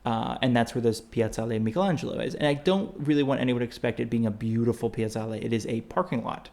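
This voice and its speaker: A man's voice: mid-range voice, quick pace, gravelly, a little mellow. A man co-hosting a podcast, chatting casually about travel, rambling with lots of fillers and restarts. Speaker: podcast co-host.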